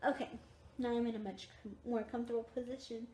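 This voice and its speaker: A young woman with a high voice chats to her camera from her recliner late at night, sounding tired. She repeats her points with emphasis, and the room around her rings with echo. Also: steady tone, fast talker, warm tone. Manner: chatty, repetitive, emphatic. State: tired, yawning. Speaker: vlogger. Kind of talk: casual chat to camera. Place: at home on a recliner.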